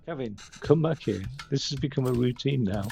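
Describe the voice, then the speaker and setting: A man's voice: medium pitch, expressive, fairly quick, creaky, a little mellow. A man streaming a game live, reading the characters' lines aloud and commenting between them.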